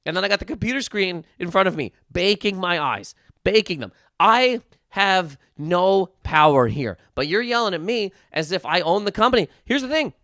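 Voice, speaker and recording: A man's voice: sits high, expressive, moderate pace, sharp tone, no room sound, clean studio sound. A man hosting a podcast, delivering a heated, profane comedic rant full of restarts and repeated words. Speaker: podcast host.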